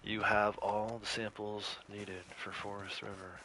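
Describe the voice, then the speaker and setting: A man's voice: fairly low pitch, flat delivery, unhurried, bright, forceful tone. A man hosting a casual gaming livestream, rambling and laid-back as he chats with viewers, his throat a bit scratchy from coughing. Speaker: livestream host.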